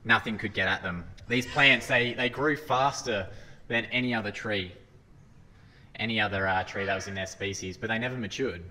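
Reading scripture at normal speed, an earnest lay preacher delivers sermon talk, frequently starting his phrases over. Though a little low, his voice is bright and forceful. Long hall reverb and a faint room hum surround it.

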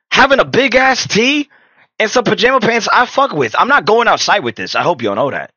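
A young man chatting casually to his live-stream chat, animated and full of slang, in his just-woken-up morning voice. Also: medium pitch, dry recording, highs cut off.

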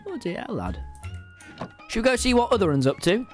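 A young man streaming a game, joking in a put-on gruff working-class bloke persona and swearing freely. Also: sits high, wildly swooping pitch, moderate pace, faint music behind. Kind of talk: comic gaming banter in character.

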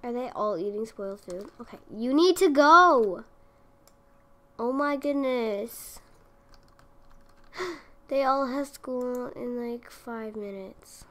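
Young woman, higher voice, unhurried delivery, exasperated gameplay commentary over clicking keys. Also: expressive, fairly bright tone. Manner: exasperated, talks to the game characters. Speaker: gaming video creator.

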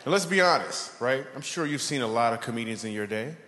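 A man performing a stand-up comedy set, telling animated stories and acting out characters. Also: medium pitch, fast. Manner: animated storytelling, acts out characters. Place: church hall with a live audience. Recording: long hall reverb, audience noise.

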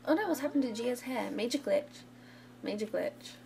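A woman's voice: on the high side, animated, normal speed, creaky, mellow, slight background noise. A woman casually commenting on a life-simulation game as she plays, chatty and giggly, cheering the characters on. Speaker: gaming channel host. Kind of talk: casual let's play commentary. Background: game music.

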